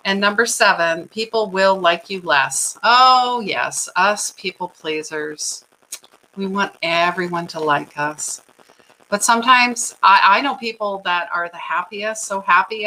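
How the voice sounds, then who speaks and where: A middle-aged woman hosting a casual talk to her viewers, chatty and animated, laughing often and checking in with "right?". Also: medium pitch, a little hiss or hum, rough recording. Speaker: host of a livestream on personal growth.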